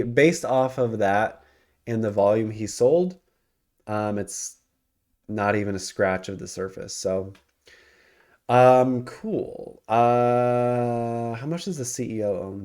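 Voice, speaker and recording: A man's voice: mid-range voice, dark tone. A man hosting a casual stock commentary over his screen, talking loosely with many ums and self-corrections. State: yawning and hiccuping. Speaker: investing channel host.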